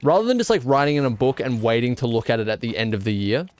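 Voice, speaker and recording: Speaking fast in a sing-song, medium-pitched voice with a darkish tone, an Australian man streams a game. His casual chatter wanders, full of jokes and pretend indignation.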